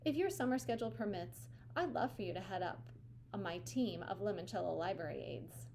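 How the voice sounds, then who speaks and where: A woman's voice: mid-range voice, lively intonation, a little fast, creaky, darkish tone, a little hiss or hum. A woman reading aloud, voicing an eccentric, courtly older man who runs games in a children's novel. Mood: genial.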